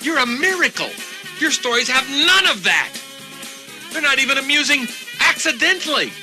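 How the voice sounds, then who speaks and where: A man's voice: very high voice, expressive, normal speed. An exasperated scolding man. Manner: cutting, lecturing. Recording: film clip with music behind.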